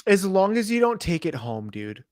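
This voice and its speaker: छेड़ने वाला बेफ़िक्र पुरुष सह-होस्ट. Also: male voice, sits high, big pitch swings, normal speed, a little mellow, dry recording. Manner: teasing, laid-back, says dude and bro. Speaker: podcast co-host. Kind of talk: casual chat.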